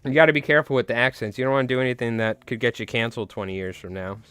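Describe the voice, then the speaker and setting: A man's voice: mid-range voice, fairly even intonation, rapid-fire, a bit bright, clean tone, dry recording. A man chatting casually on a live stream while tying flies, rambling and joking at his own expense. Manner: rambling, self-mocking, joking.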